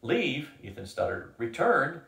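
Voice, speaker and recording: A man's voice: medium pitch, sing-song, a little slow, gravelly, a bit bright, heavily acted. A man reading aloud, voicing a dazed, stubborn young man in an agitated, insistent way. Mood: stunned. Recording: echoey room, from a distance.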